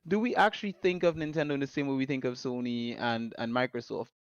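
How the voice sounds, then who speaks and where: A man's voice: medium pitch, fast talker, clear, resonant tone, no echo. A man hosting a casual gaming podcast, arguing his point with rhetorical questions. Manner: argumentative, explains with rhetorical questions. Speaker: podcast host. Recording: dull lo-fi mic.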